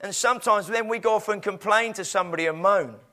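A man preaches in a loose, chatty storytelling manner, with many fillers. His voice sits high for a man. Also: fast talker, bright, forceful tone. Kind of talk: sermon.

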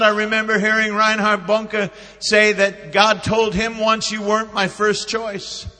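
A man preaching a sermon, swinging between loud emphatic peaks and hushed storytelling. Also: sits high, level tone, unhurried, few pauses, in a large hall. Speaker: pastor.

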